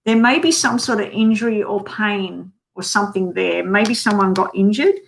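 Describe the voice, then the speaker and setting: A woman's voice: medium pitch, normal speed, gravelly. A woman giving live-streamed tarot readings, chatty and talking to viewers by name with many ums. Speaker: tarot card reader.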